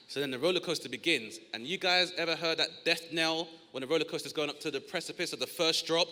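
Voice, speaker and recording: A stand-up comedian from South East London performs a set on a theatre stage, his bright, lively voice echoing with the long reverb of a large hall. He talks fast with few pauses, animatedly acting out stories and leaping into loud, high-pitched, squealing put-on yelps.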